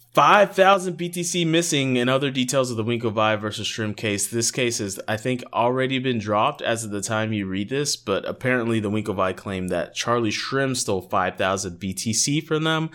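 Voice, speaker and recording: A man's voice: mid-range voice, lively intonation, moderate pace, a bit bright. A man co-hosting a podcast, rambling and joking in a casual chat with lots of fillers, sounding tired. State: tired, yawning. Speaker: podcast co-host.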